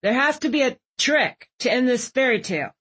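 A woman's voice: sits high, expressive, a little fast, a bit bright, slightly rough, pitched above the performer's own voice, exaggerated voice. A woman voicing a sarcastic, put-upon young man. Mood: sardonic.

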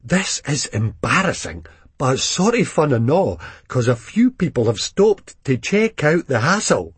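A man with a Scottish accent reading a first-person story aloud in dialect, lively and expressive. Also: medium pitch, measured pace, husky, no echo. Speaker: reader.

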